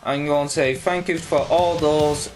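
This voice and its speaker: A young man answers questions from his viewers in a loose, unscripted vlog. He speaks slowly, with frequent ums and restarts. His voice sits a little on the high side. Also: steady tone, over music. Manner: slow, halting, many ums and pauses. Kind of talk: casual Q&A vlog.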